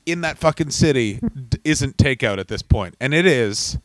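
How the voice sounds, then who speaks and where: A man's voice: medium pitch, moderate pace, no echo. A man co-hosting a comedy podcast, chatting casually, swearing a lot and slipping into mocking voices. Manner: profane, animated, slips into mocking impressions. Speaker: podcast co-host.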